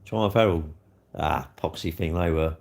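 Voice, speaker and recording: A man's voice: extremely low pitch, measured pace, gravelly. A middle-aged man, rambling casually on a live stream, swearing freely and answering viewer comments. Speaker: livestreamer.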